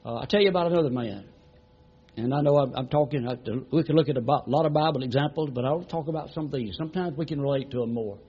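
A man's voice: medium pitch, fast, slightly rough, dull audio. A middle-aged man preaching a sermon as a pastor, retelling conversations in a folksy, repetitive way with many "he said" tags.

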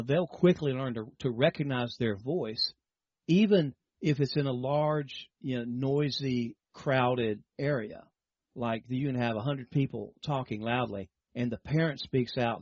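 Husky-voiced man preaching a sermon. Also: mid-range voice, a little mellow, no echo, highs cut off. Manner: teaching, repeats words, asks rhetorical questions.

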